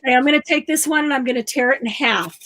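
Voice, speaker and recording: A woman's voice: high voice, rapid-fire, a bit bright, low-quality recording. A woman hosting a live craft tutorial, chatting and explaining each step aloud while she works. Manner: chatty, laughs often, explains steps aloud.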